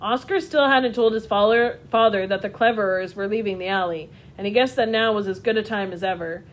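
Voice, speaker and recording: A woman narrating a children's storybook in a steady, expressive reading voice. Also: medium pitch, a little fast.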